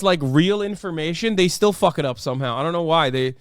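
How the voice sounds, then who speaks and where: A man's voice: a little high, expressive, brisk, clean tone, no room sound, studio quality. A man hosting a livestream, reacting in casual, profane and incredulous commentary. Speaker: livestream host.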